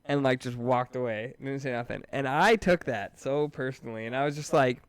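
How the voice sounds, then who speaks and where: A man's voice: mid-range voice, a little fast, smooth, dry recording. Male co-host, mid-thirties, casual storyteller who laughs a lot, dry close mic. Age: 30s. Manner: animated storyteller, laughs often, lots of "like" and "dude". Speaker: podcast co-host. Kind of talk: casual chat.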